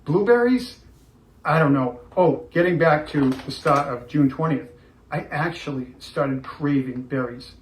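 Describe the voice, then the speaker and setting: A man's voice: fairly high pitch, a little slow. Rambling man in an echoey room. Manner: rambling, thinking aloud with fillers. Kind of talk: casual vlog talk. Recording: echoey room with faint ambient noise.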